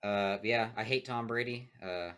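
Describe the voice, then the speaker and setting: Podcast co-host, male, bright forceful tone, opinionated, flares up loud. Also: fairly low pitch, measured pace, smooth. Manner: opinionated, loud outbursts when riled. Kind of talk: casual sports chat.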